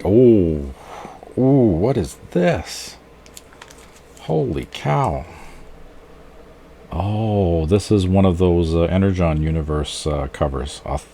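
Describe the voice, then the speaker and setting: Middle-aged guy, really low voice, gets all excited opening comics, bit of hiss behind. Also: a little slow. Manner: excitable, exclaims often. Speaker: comic book vlogger. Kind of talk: casual unboxing chat.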